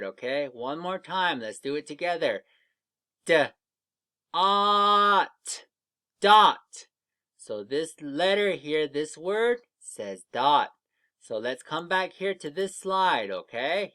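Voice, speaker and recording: A man running a phonics lesson for small children, speaking slowly and patiently. His voice rises and falls a lot as he stretches out each letter sound for the class to repeat. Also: a little high. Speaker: teacher. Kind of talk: early reading lesson for young children.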